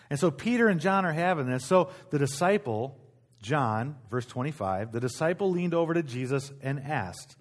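A middle-aged male pastor preaching in a church, reading scripture aloud and explaining it in a relaxed, conversational way, with asides to the congregation. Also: a little high, a little fast. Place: church sanctuary.

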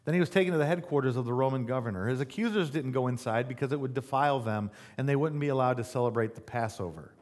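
Guy preaching, reads scripture then drops in chatty asides, lots of "right?", mid pitch. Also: quick pace, hardly any pauses, a little mellow. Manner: conversational asides with rhetorical "right?". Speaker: pastor. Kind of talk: sermon reading scripture with commentary.

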